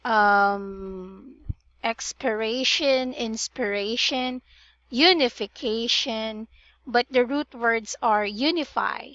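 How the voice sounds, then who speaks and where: Slow, patient woman tutoring pronunciation. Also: on the high side, fairly bright tone, no room sound, muffled recording. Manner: patient, drills words and corrects vowels. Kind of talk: online one-on-one tutoring.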